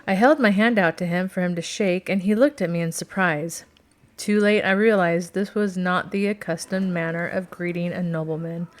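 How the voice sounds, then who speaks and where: A woman narrates a novel in a measured, steady way. Her voice sits on the lower side. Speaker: audiobook reader.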